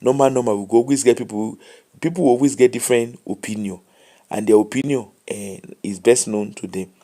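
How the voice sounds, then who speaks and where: A man's voice: mid-range voice, warm tone. A tired man with a Nigerian accent hosting a late live show, giving casual commentary and advice in English mixed with Pidgin.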